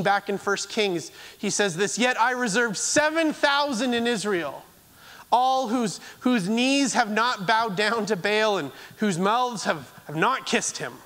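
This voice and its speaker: High-voiced guy preaching, earnest, trips over his words a lot, gets loud then goes quiet. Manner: earnest, halting with frequent restarts, swings between raised and hushed delivery. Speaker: pastor. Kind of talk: sermon.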